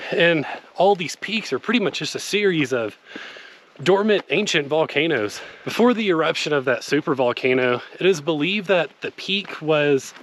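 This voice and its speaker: A man's voice: on the high side, fairly bright tone, a little hiss or hum. A man talking through a solo mountain hike, chatty and upbeat, at times out of breath. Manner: upbeat, chatty, says y'all. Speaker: hiking vlogger. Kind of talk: hiking vlog with voice-over narration. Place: outdoors on a mountain trail. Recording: light music behind.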